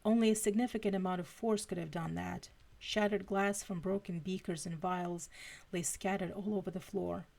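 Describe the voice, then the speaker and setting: A woman's voice: medium pitch, fairly even intonation, normal speed, vocal fry, darkish tone. A woman reading fanfiction aloud on a live stream, stumbling and restarting now and then. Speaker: fanfiction reader.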